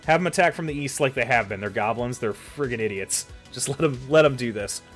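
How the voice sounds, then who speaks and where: A man walks through how to prep a tabletop game session in a loose, rambling way. He curses casually and fills pauses as he types his notes. Faint music plays underneath. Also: medium pitch, animated. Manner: loose and profane, swearing casually; thinks aloud, lots of fillers and trailing off. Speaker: dungeon master giving advice. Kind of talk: casual tutorial while typing notes.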